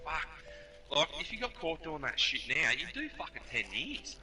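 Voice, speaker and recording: A man with an Australian accent telling hunting stories on a casual podcast, swearing freely and animated. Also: fairly high pitch, moderate pace, far from the mic, faint music behind. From New South Wales, Australia. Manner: profane, animated, laughs while telling stories. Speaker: podcast storyteller.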